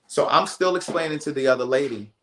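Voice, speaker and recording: A man hosting a livestream and telling a story in a casual, animated, emphatic way, often repeating himself. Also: a little high, quick pace, a little hiss or hum. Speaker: livestream host. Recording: roomy echo.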